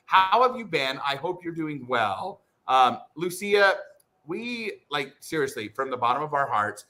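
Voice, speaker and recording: A man hosting a casual livestream, chatting with viewers and greeting them in excited bursts. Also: fairly high pitch, a little slow. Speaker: livestream host.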